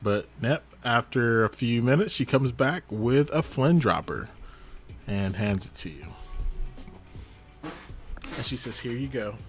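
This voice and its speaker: A man's voice: medium pitch, lively intonation, slow, pauses often, soft background music. A man acting as game master, narrating a tabletop game to the players with chuckling asides. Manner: addresses players in second person, chuckling asides.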